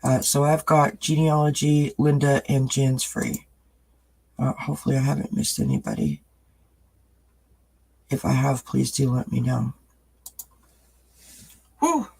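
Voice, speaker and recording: Man, tarot reader on a live stream, husky mid-pitched voice, gentle and reassuring. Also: expressive, a little slow, pauses often, rough recording. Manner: reassuring, greets chat viewers by name.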